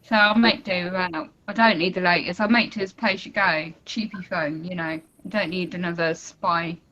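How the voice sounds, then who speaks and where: A woman's voice: fairly low pitch, steady tone, moderate pace, sharp tone, lo-fi sound. A woman calling in to a live talk show, chatting in a rambling way with lots of fillers and asides. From United Kingdom. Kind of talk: casual chat.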